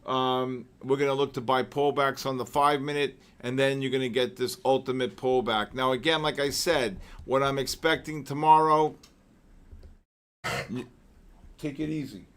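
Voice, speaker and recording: A man hosting a live trading session, giving rambling market commentary with repeated words, exclamatory asides and frequent throat clearing. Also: medium pitch, steady tone, moderate pace, a bit bright. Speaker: trading show host.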